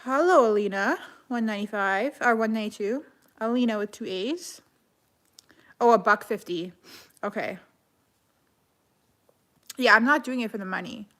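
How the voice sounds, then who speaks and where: A woman from Canada, chatting casually on a live stream and answering viewer comments, with lots of "like" and quick self-corrections. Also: fairly high pitch, a bit bright. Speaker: livestreamer reading comments.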